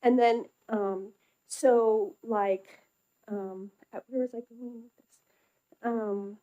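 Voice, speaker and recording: A woman's voice: fairly high pitch, fairly even intonation, slow pace, narrow, tinny audio. A middle-aged woman giving spontaneous testimony at a hearing, talking loosely with many fillers and restarts. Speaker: public witness at a legislative hearing.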